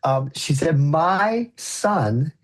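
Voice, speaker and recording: A man guesting on an interview show, telling a story in an earnest, conversational way with soft laughs. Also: fairly high pitch, animated, very slow. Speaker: guest, illusionist and educator.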